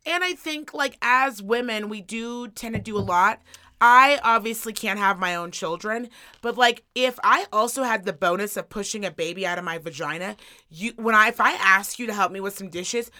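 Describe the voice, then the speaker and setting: Bright-voiced blunt woman. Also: medium pitch, normal speed. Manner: blunt, profane, emphatic. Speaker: podcast co-host. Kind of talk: casual chat.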